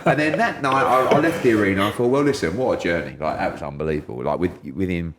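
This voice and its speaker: A man's voice: deep voice, fast talker, over a noisy crowd. A middle-aged man from England, a podcast guest telling a story in casual chat and acting out quotes in raised voices.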